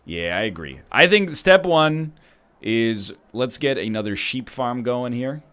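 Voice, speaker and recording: A man's voice: medium pitch, animated, measured pace, a bit bright, clean tone. A man from Canada giving casual gameplay commentary as a streamer, rambling with joking asides. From Canada (Ontario).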